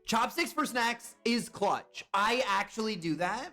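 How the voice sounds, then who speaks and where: A young man chatting casually on a live stream, excitable and swearing when he guesses wrong. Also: sits high, measured pace, faint music behind. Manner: excitable, swears and yelps at misses.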